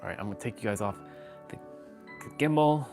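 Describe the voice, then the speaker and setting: A man's voice: fairly low pitch, fairly quick, a little mellow, faint music behind. A man chatting casually on a live stream from his phone at home, rambling and greeting viewers by name. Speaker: vlogger. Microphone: phone on gimbal.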